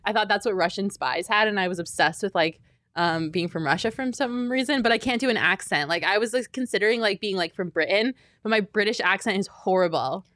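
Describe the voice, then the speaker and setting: A woman's voice: medium pitch, fairly quick, a bit bright, dry recording, clean studio sound. A young woman co-hosting a sports talk show, chatting casually and laughing often. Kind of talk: casual chat.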